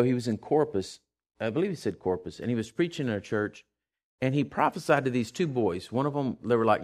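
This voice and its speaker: Man preaching in storytelling, emphatic style. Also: mid-range voice. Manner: storytelling, building to emphatic repeated declarations; conversational with frequent fillers and restarts. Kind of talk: sermon.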